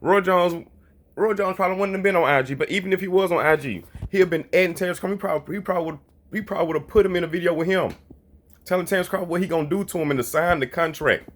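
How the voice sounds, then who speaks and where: A man's voice: sits high, rapid-fire. A man delivering a heated, profane monologue about boxing, blunt and repetitive, often mocking others in quoted voices. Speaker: boxing commentator.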